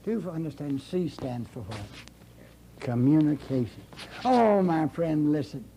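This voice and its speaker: A man's voice: fairly high pitch, animated, a little slow, warm tone, slight background noise. An older man giving a folksy, emphatic motivational speech to a live audience, repeating his key phrases. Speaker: motivational speaker. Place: speaking to an audience in a room.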